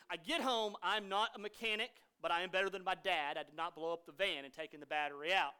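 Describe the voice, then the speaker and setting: A man, a pastor preaching a sermon, swinging from loud emphasis to hushed asides. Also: sits high, a little fast, hardly any pauses, clean tone.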